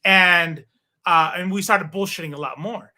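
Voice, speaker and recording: A man in his thirties telling stories in a casual chat, animated, swearing and acting out what people said. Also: high voice, moderate pace. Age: 30s. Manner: animated, swearing, acts out quoted dialogue. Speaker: podcast guest.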